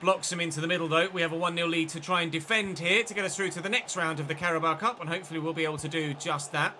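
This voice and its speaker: A man with a very bright, sharp-edged voice, pitched a little higher than most men. He streams a football video game live, talking through his own play in a chatty way and bursting into excitement at the near chances. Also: very fast, slight background noise. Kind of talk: live gameplay commentary.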